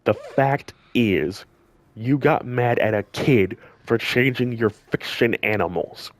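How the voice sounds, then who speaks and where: Guy angrily scolding his viewers, slow and deliberate, dry close sound. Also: medium pitch, no room sound. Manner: scolding, heated, repeats himself for emphasis. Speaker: gaming channel commentator. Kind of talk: angry direct-to-camera rant.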